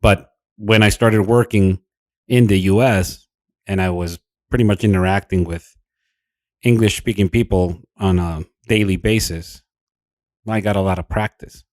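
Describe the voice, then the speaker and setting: A man's voice: on the low side, fairly even intonation, a little slow, darkish tone, dry recording. A young adult man from near the Nogales border with a Mexican accent, telling stories in an easygoing way on a podcast. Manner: easygoing storytelling, hesitant restarts. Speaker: podcast co-host. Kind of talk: casual chat.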